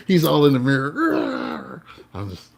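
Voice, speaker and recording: A man with a slightly husky voice talks to his viewers as a tarot reader and life coach, his pitch bouncing all over the place. He tells his stories playfully, swinging between loud bursts and hushed asides. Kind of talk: casual storytelling to viewers.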